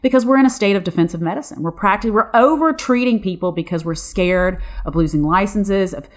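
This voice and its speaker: A woman's voice: medium pitch, brisk. A middle-aged woman, a nurse, talking passionately and with some frustration in a casual chat, often restarting her sentences.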